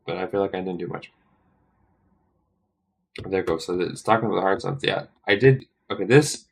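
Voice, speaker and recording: A low, gravelly male voice, worn down with tiredness as he talks to himself over his studies. He mutters and stops partway through thoughts. He sounds out practice words one after another. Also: moderate pace. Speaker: language learner streaming study. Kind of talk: thinking aloud while studying.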